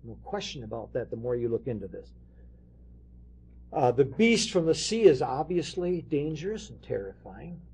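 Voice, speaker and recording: A man's voice: mid-range voice, big pitch swings, moderate pace, darkish tone, a little hiss or hum. A man preaching a sermon, explaining scripture and reading verses aloud with emphasis.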